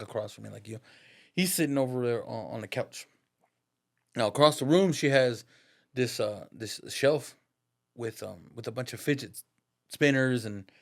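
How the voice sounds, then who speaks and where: A man in his thirties, a barber, telling a story in a casual, slangy, profane way. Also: medium pitch. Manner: slangy and profane, peppers talk with "dog" and "bro". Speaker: podcast guest, barber.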